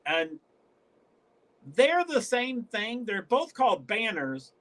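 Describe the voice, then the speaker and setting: This northeastern US man, chatting casually on his own livestream, talks slowly in a sing-song, very high voice with a fairly bright tone. His delivery rambles and stalls, and he keeps cutting himself off mid-sentence.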